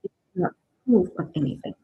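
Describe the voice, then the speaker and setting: A woman hosting a live-stream motivational workshop talks briskly and conversationally, speaking straight to her viewers and frequently checking with "right?" that they understand. The audio has no room sound and comes across narrow and tinny.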